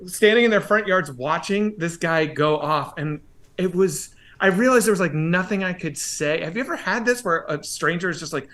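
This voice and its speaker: A man casually telling a story on a comedy podcast, swearing often and acting out shouted quotes. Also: fairly high pitch.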